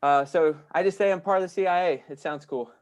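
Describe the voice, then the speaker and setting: A man's voice: high voice, fast talker, smooth. A man speaking as a guest real estate coach in casual, upbeat talk on a video call, with frequent filler sounds.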